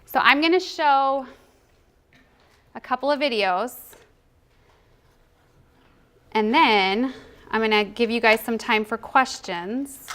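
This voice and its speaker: A woman giving a conversational presentation to educators, animated and chatty, sometimes acting out children's voices. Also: on the high side, slow, pauses often. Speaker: presenter on child emotional development.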